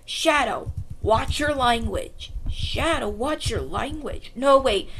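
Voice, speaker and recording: A woman's voice: a little high, animated, slow, fairly bright tone, slight background noise. A woman streamer narrating a toy role-play story, chatty and giggly, jumping between narration and character voices.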